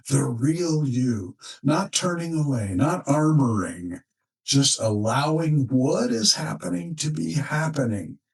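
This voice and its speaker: A man working as a relationship counselor, speaking in a slow, measured, reflective monologue with thoughtful pauses. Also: mid-range voice, a bit bright, recorded from a distance, low-quality recording.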